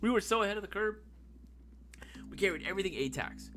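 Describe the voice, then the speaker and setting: A man's voice: sits high, lively intonation, quick pace, fairly bright tone, soft background music. A young man hosting a casual live-stream Q&A, swearing freely and laughing often. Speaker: live stream host answering viewer questions.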